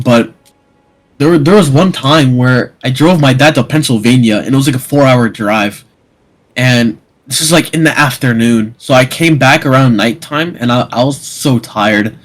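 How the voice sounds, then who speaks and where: A young man telling an emotional story in casual chat, rambling with many restarts and stammers. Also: mid-range voice.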